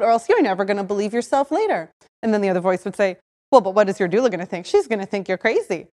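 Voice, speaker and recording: On her podcast, a woman tells her own story with lots of energy, acting out her past self in quotes and saying "like" often. She talks fast at a medium pitch, and the sound has a big-room quality.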